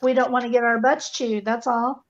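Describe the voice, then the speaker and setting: A woman's voice: fairly high pitch, flat delivery, normal speed, lo-fi sound, noisy background. A woman joining a casual livestream chat as a guest, playful and teasing.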